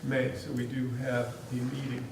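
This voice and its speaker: A man's voice: mid-range voice, completely flat delivery, normal speed, vocal fry, background noise. A man speaking as school superintendent at a board meeting, telling chatty, amused stories. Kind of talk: meeting remarks and storytelling. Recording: echoey room, distant mic.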